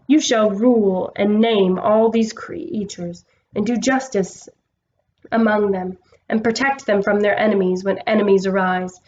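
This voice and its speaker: A woman voicing a wise, solemn male lion king who speaks slowly and gravely. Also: medium pitch, fairly even intonation, darkish tone, highs cut off, close to an everyday voice. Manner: slow, grave and measured.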